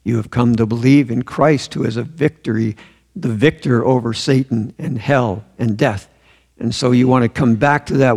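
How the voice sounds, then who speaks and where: A man's voice: medium pitch, moderate pace, gravelly, a little mellow, husky. Earnest man preaching in a reverberant hall. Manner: earnest, emphatic, repeats key phrases. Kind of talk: sermon. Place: church.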